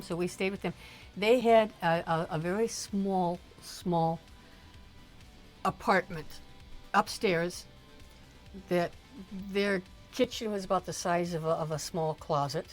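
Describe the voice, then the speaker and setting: An older woman with a fairly low voice tells a rambling family story in relaxed chat, stumbling and restarting as she goes. Her talk is casual and amused, with a little music playing faintly underneath. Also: a little slow. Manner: chatty, rambling, frequent restarts and laughs. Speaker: streamer's mother, guest.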